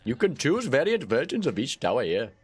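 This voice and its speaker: A man voicing a male tower-building craftsman in a deliberately clumsy put-on Indian accent, explaining things step by step. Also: mid-range voice, huge pitch swings, slightly rough, faint music behind, voice pushed up.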